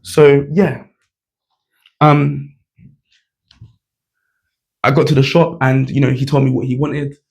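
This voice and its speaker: A man's voice: mid-range voice, little pitch movement, slow, gravelly, long pauses, a little mellow. A man, telling a personal story to camera in a casual, chatty way, full of "like" and "you know". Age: 20s. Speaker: vlogger.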